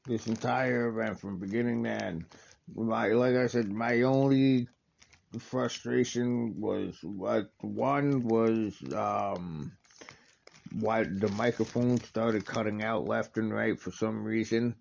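Gravelly man rambling through a watch-along. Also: lowish voice, steady tone, takes it slowly, darkish tone, dull audio, slight background noise. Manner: rambling, enthusiastic, self-correcting. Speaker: wrestling watch-along host. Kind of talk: casual commentary over a match.

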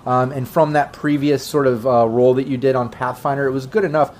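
A man's voice: medium pitch, fairly even intonation, fairly quick. A man running a tabletop role-playing game as game master, narrating casually with lots of fillers. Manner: casual, many fillers, breaks into gruff shouting voices for NPCs.

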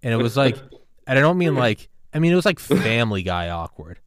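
A man's voice: medium pitch, very animated, brisk, dry recording. A man hosting a podcast, chatting in a rambling, laid-back way with lots of fillers. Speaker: podcast host. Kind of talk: casual chat.

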